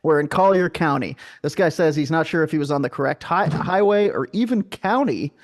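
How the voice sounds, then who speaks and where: A man with a slightly high voice hosts a comedy podcast. He reads a report aloud and keeps breaking off for jokey asides and riffs. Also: expressive, fairly quick. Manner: jokey, riffing asides while reading. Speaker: podcast host. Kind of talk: comic podcast banter, reading sighting reports aloud.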